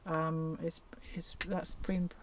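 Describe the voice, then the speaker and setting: A woman's voice: deep voice, flat delivery, slow, a little hiss or hum. A woman co-hosting a casual livestream on a narrowboat. She talks in a rambling, hesitant way and keeps filling gaps with "sort of". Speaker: co-host.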